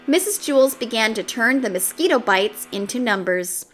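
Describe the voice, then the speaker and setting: A woman reading a children's chapter book aloud, narrating in an expressive, animated storybook style. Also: on the high side, normal speed, few pauses, faint music behind.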